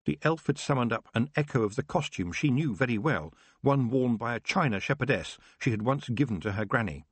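Brief: male audiobook narrator, husky and low, lively pitch, dry close sound. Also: fairly quick, no echo. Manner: expressive storytelling. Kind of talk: scripted narration.

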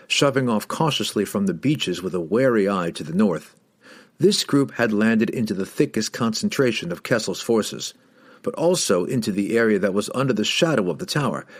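A man with a fairly low voice reads a fantasy novel aloud. His pitch rises and falls widely, giving the battle scenes a dramatic, expressive lift. He sounds like a practiced audiobook storyteller. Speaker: audiobook narrator. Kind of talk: scripted narration of a fantasy novel.

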